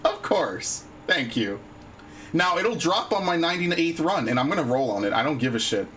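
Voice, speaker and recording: Guy streaming a game, cursing, animated up-and-down voice, bit of faint noise in the background. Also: on the high side, moderate pace. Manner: frustrated, swears a lot. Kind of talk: casual live-stream chat while gaming.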